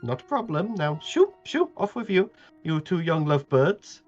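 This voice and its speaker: Fussy, scolding old woman baker in a shrill falsetto, as a game master puts her on, dull recording with faint music behind. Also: big pitch swings, normal speed, darkish tone. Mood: motherly chiding. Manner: prim, chiding, high falsetto.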